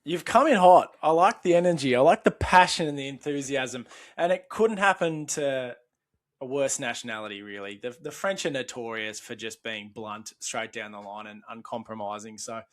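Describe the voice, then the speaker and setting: A man's voice: mid-range voice, normal speed. Teasing Australian man, podcast banter. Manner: teasing, mock-serious banter. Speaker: podcast co-host. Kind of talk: casual chat.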